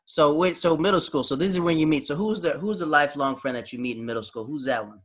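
A man hosting a casual chat, telling stories and acting out what others said. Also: fast talker. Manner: animated, acts out quotes in a lower voice. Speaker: podcast host.

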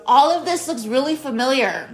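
A woman's voice: sits high, animated, moderate pace, soft background music. A woman in her thirties hosting a casual solo podcast from a spare bedroom at home. She talks straight to her listeners and repeats her phrases. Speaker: podcast host.

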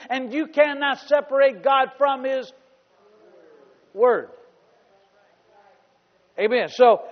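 High-voiced preaching man in an echoey hall. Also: lively intonation, slow, pauses often, muffled recording. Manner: emphatic preaching, repeats phrases, builds to loud exclamations. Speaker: pastor. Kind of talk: sermon.

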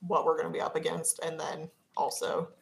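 Low-voiced woman player, hesitant. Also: monotone, a little fast, gravelly, slight background noise. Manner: thoughtful, hesitant, many "like"s. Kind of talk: casual tabletop game talk.

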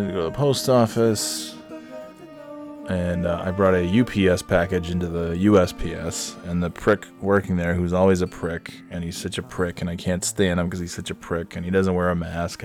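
A man's voice: low voice, darkish tone. A man telling a rambling, profane story as a podcast host, irritated and full of fillers. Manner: irritated, ranting. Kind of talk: rambling anecdotal monologue.

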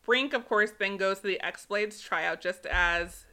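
A young woman with a bright, forceful voice talks through a film with her co-host in loose podcast chat. She laughs easily and drops casual swears as she goes. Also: mid-range voice, unhurried.

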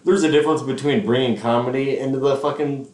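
A man's voice: mid-range voice, fairly even intonation, fast, darkish tone. A man co-hosting a podcast in casual chat, reading out text messages between bursts of laughter and frequent swearing. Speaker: podcast co-host. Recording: echoey room.

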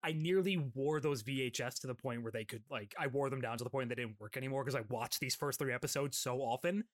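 A man's voice: medium pitch, fast. A man hosting a casual podcast chat, recapping an episode with frequent laughter and hamming up quoted lines. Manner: laughs often, reads quotes in a put-on voice.

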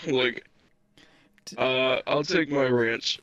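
A man's voice: medium pitch, slow, pauses often, fairly bright tone, no echo. A man co-hosting a podcast, retelling a story in casual chat, laughing often and swearing. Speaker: podcast co-host. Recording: dull lo-fi sound.

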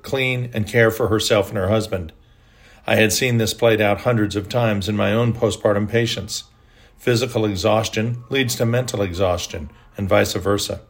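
Older man reading a devotional, lowish voice. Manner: measured, reflective storytelling. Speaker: devotional author and narrator. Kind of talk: scripted devotional reading with prayer.

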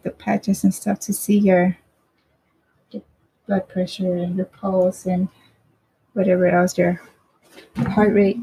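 A woman's voice: medium pitch, creaky, dark tone, breathy edge, rough recording. A woman casually telling a personal story in a rambling way, swearing freely and often asking "right?".

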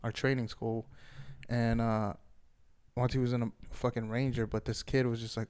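A man's voice: medium pitch, steady tone, moderate pace, darkish tone. A man, a former Marine, telling a story in a casual, rambling way, swearing often and laughing as he goes.

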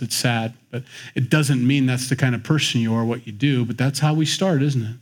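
Husky man teaching the Bible playfully. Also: medium pitch, moderate pace. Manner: animated, joking storyteller who acts out the scenes.

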